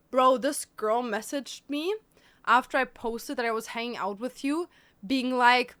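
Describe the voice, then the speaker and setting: Bright, teasing woman streamer. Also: fairly high pitch. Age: 20s. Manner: blunt, teasing, switches between English and German. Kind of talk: casual livestream chat.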